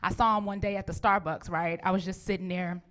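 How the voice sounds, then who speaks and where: A woman's voice: lowish voice, steady tone, brisk, a bit bright. A woman in her forties performing a brash, profane stand-up comedy routine with a punchy delivery. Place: comedy stage.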